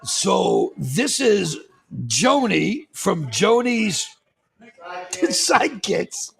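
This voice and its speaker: A man hosting a live show, voice pitched high for his sex and rough with a heavy gravelly fry. He shouts out hype and banter in a rowdy way and makes jokes at his own expense. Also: wildly swooping pitch, very slow. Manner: hyped, rowdy and self-deprecating. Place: roadside bar.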